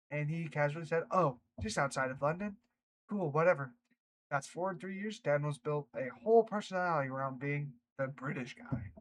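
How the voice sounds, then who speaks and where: Male story reader, slightly higher voice, chatty commentary between reads. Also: a bit bright, a little hiss or hum, poor audio. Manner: chatty, breaks off to react and laugh. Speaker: reddit story narrator. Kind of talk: reading stories aloud with casual commentary.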